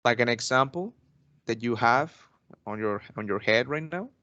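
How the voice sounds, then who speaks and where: Playing teacher in a role-played English lesson, a young Mexican man whose first language is Spanish sounds expressive, bright and forceful at normal speed and an average male pitch. His speech is formal and courteous, peppered with "actually" and restarts. The audio is dry and close with almost no echo, and the highs are cut off.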